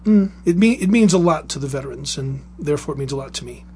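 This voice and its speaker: Man, guest author, storyteller; husky, a bit high, animated delivery. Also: fast talker. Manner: lively anecdotal storytelling with restarts. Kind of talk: storytelling and reading aloud.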